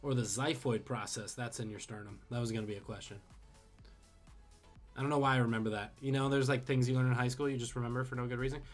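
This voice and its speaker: A man hosting a live-streamed trivia quiz, reading questions and tossing in quick joking asides. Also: mid-range voice, steady tone, faint music behind. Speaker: trivia host.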